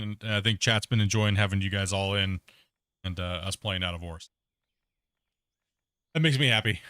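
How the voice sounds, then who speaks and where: A man's voice: fairly low pitch, a bit bright, clean tone, no room sound, studio quality. A man hosting a live gaming stream in casual chat, rambling and laid-back, laughing at himself and calling people "bro". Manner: rambling, laid-back, full of "bro" and "you know what I mean". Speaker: livestreaming gamer host.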